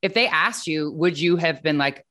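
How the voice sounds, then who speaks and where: A woman hosts a casual interview in a low voice. She is chatty and frank and quick to agree. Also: animated, sharp tone. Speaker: host.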